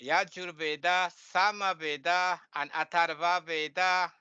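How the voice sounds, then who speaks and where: Male teacher, non-native English, lecturing; bright and clear, halting with fillers, mutters asides; dull, dry recording. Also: high-pitched, fairly even intonation, no room sound. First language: Spanish. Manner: drops into quiet muttered asides. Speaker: teacher and author. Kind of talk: lecture on scripture.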